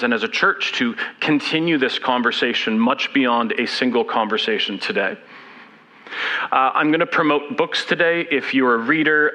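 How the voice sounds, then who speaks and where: Bright-voiced man speaking seated. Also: mid-range voice, low-quality recording. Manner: candid, self-deprecating, acts out quoted people. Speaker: guest speaker. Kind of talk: personal talk to a church audience. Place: church service.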